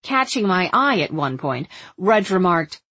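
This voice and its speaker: A woman narrating an audiobook in a wry, observant first-person voice. Her tone is husky and her pitch moves in a lively way, and the recording is close and dry. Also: measured pace, no room sound. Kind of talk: scripted narration.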